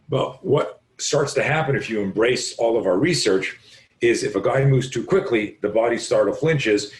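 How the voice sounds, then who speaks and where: A man with a raw, hoarse voice, speaking as a podcast guest and self-defense instructor, telling a vivid, profane story and acting out the voices he quotes. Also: fairly low pitch, echoey room. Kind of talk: animated storytelling in conversation.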